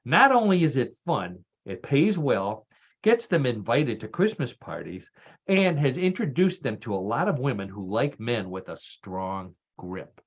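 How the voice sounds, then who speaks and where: A jokey, chatty man with a Texas accent hosts a casual radio talk show. He laughs easily and stumbles into little restarts with "uh", and his voice sits at an ordinary pitch. The recording sounds a bit dull and lo-fi. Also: big pitch swings, measured pace, breathy edge. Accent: Texan. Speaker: show host. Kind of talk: casual radio chat, hosting a news quiz.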